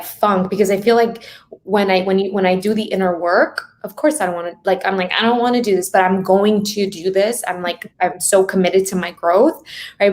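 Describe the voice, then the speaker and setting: A woman's voice: mid-range voice, darkish tone. A woman coaching guest in casual podcast chat, talking openly in a chatty way and filling her speech with "like" and "right?".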